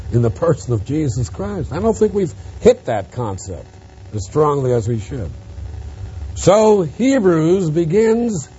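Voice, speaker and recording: A man preaching an expository Bible lesson, emphatic, rising on stressed words and dropping quiet on asides. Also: on the high side, lo-fi sound, a little hiss or hum. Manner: emphatic, swings from loud stresses to quiet drops.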